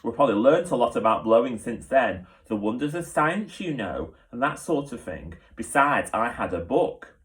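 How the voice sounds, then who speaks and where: A man's voice: mid-range voice, big pitch swings, normal speed, few pauses, lightly acted. A man reading aloud and voicing a chatty, cheerfully boastful male wolf in a storybook. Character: boastful hopeful black wolf, male adult.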